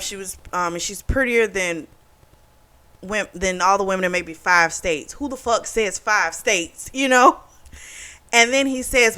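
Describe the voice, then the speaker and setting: A woman's voice: medium pitch, pushed and bright. A woman hosting a book club, retelling a novel's plot in a casual, profane, indignant way and voicing the characters' quotes. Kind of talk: casual book review recap.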